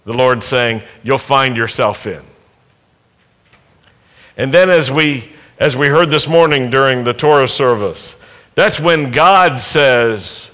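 A man delivering a sermon to a congregation in a slow, deliberate rhythm. His voice sits a little high and sounds bright and forceful. He questions his listeners and rises to loud, urgent calls. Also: animated. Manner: emphatic, building to loud exhortations; asks the congregation rhetorical questions. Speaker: preacher. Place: worship service.

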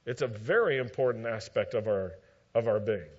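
A man preaching a sermon, retelling scripture with emphatic, measured storytelling and dry asides. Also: lowish voice, darkish tone, husky. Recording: dull lo-fi recording.

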